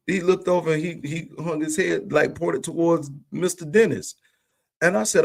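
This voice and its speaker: Animated man telling a church story. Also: fairly high pitch, normal speed, creaky. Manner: animated storytelling, acts out quoted dialogue. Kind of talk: livestream conversation. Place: remote livestream call.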